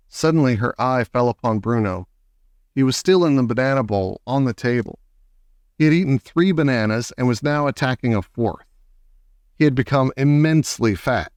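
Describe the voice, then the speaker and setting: A man reading a children's novel aloud in a measured, expressive way. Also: medium pitch, smooth, no room sound. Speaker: audiobook reader. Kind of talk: storybook narration.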